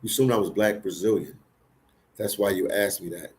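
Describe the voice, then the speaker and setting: There's slight background noise as this man, a livestream host from Philadelphia, United States, tells casual stories live. His low, slightly mellow voice moves fairly quickly, and he repeats phrases with emphasis.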